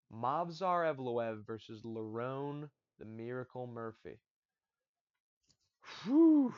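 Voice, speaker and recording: A man hosting a fight-predictions channel, talking casually, repeating his picks and stumbling over restarts. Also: medium pitch. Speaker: MMA predictions channel host. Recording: dull lo-fi audio.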